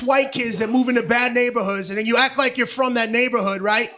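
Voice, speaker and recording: A man doing stand-up comedy on a club stage, ranting profanely and shouting punchlines. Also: very high-pitched, a little fast, hardly any pauses, a loud crowd. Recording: live comedy club, noisy audience.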